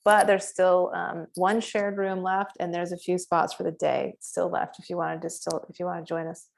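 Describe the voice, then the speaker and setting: A middle-aged woman, a meditation guide, chatting casually to her viewers with fillers and quick bursts. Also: lowish voice, little pitch movement, creaky.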